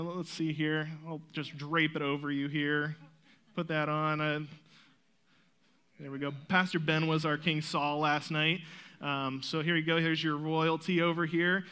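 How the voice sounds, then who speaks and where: A man leading a children's church Bible story skit, coaxing kids on stage and telling the story as a lively, encouraging storyteller. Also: a little high.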